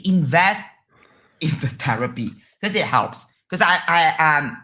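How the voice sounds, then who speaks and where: A woman's voice: sits low, lively intonation, measured pace, sharp tone. A woman from Malaysia with a Malaysian English accent, a guest on a podcast, talking candidly in a bubbly, outspoken way and swearing freely. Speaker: guest streamer.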